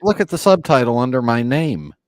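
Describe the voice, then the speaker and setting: A man's voice: mid-range voice, sing-song, brisk, dry recording, studio quality. A man who is a podcaster guesting on a casual livestream chat, emphatic, with wry asides and repeated words.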